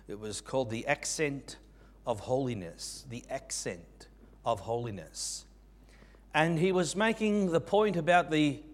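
A middle-aged male pastor preaching a sermon in an earnest way, with frequent restarts and fillers. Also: medium pitch.

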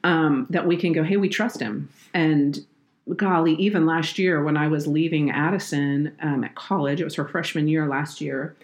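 A low-pitched woman talks on a faith podcast. She tells a personal story in an earnest, heartfelt way. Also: fairly even intonation, normal speed. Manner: earnest, heartfelt, tearful at moments. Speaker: podcast guest, children's minister.

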